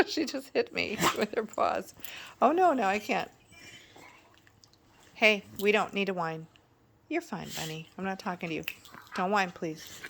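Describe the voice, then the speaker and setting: A woman at home filming her dogs on a phone, talking to them in coaxing baby-talk that swings from soft murmurs to high excited calls. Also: creaky, background noise. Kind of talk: casual talk to pets.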